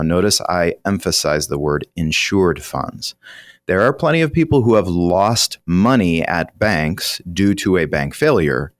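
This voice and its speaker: A man's voice: low voice, no room sound. A man who is a retirement planning professional explaining finance on a radio talk show, emphatic and explanatory. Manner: explanatory, emphatic, occasional laughs.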